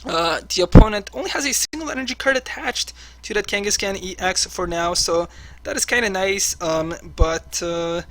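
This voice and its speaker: A man's voice: high-pitched, moderate pace, background noise. A man commentating his own online card game match as he plays, chatty and full of filler words. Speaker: online card game player and channel host. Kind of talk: live gameplay commentary.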